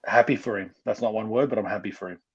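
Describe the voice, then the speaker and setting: A man's voice: lowish voice, quick pace, slightly rough, highs cut off. An Australian man with a passionate manner, chatting on a fan podcast and getting fired up. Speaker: podcast co-host, fan guest. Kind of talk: casual fan podcast chat.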